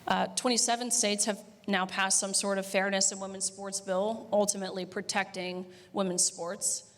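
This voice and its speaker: A woman's voice: medium pitch, level tone, normal speed. Young woman speaking in a reverberant hall. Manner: conversational with frequent "uh" fillers, blunt and emphatic. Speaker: banquet speaker. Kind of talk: speech at a banquet. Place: banquet hall.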